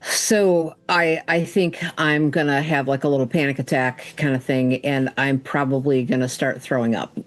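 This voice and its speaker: A man's voice: medium pitch, flat delivery, moderate pace, few pauses. A man playing a tabletop horror game, hesitantly describing his character's panic with many fillers. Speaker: player. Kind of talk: casual tabletop role-play.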